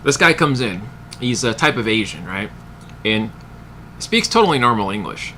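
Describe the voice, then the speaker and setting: A man's voice: lowish voice, sing-song, normal speed, sharp tone, slight background noise. A young adult man casually telling rambling anecdotes on a livestream, slipping into quoted voices. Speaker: livestream host. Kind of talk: casual storytelling.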